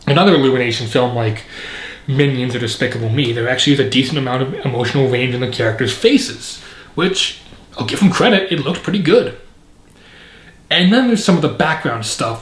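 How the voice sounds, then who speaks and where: Recorded in an echoey room, a man from Canada offers a casual film review in a mid-range, fairly bright voice. He rambles, voices strong opinions, and leans heavily on filler words.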